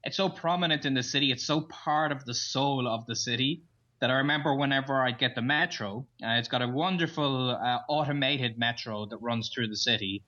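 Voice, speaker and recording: Irish male interview guest, bright tense tone, enthusiastic storyteller, dull lo-fi recording. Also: mid-range voice, brisk. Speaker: podcast guest. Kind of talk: casual interview chat. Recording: dull lo-fi sound.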